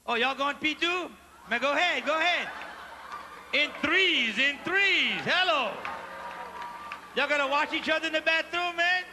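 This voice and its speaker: A man's voice: extremely high pitch, measured pace, long pauses, bright, forceful tone. A man with a Cajun accent doing live stand-up storytelling, folksy and chatty, teasing the audience from a theater stage. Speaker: stand-up comedian. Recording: live theater recording with long hall reverb and faint noise. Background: audience laughter.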